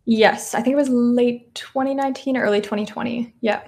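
A woman's voice: on the high side, steady tone, normal speed, darkish tone. Upbeat woman answering interview questions. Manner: upbeat, enthusiastic, many yeahs. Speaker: game developer guest. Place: home.

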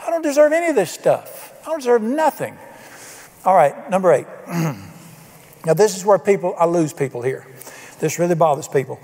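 Folksy older preacher, hall reverb. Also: male voice, sits high, sing-song, moderate pace, a little mellow. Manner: folksy, emphatic, asks the congregation questions. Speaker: pastor. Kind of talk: sermon. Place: church sanctuary.

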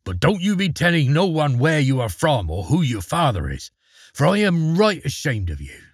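A man's voice: fairly high pitch, wildly swooping pitch, moderate pace, breathy edge, no room sound, studio quality, exaggerated voice. A man doing a stern, scolding father. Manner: harsh, scolding. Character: angry stern father, ashamed of his son. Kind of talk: storybook reading.

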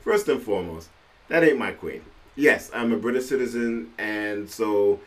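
A man from Trinidad hosting a podcast, talking in an animated, conversational way and often laughing. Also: fairly low pitch, moderate pace. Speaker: podcast host. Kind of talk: casual solo commentary. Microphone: podcast microphone.

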